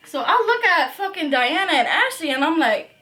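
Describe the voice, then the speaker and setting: High-voiced woman telling a wild story. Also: moderate pace, soft background music. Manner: profane, animated storytelling, heavy use of "like". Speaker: vlogger. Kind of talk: storytime vlog.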